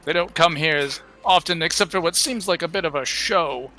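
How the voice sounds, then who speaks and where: A man voicing an elderly, gentle and worried temple priest who talks haltingly, with many restarts and sighs. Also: on the high side, soft background music. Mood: weary, grave. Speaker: game master. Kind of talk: in-character tabletop roleplay.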